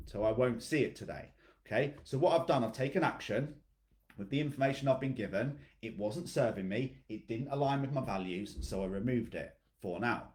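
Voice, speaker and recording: A man's voice: mid-range voice, a little fast, a little mellow. Male fitness coach with a blunt, motivational delivery who swears and keeps asking "okay?". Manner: addresses clients by name.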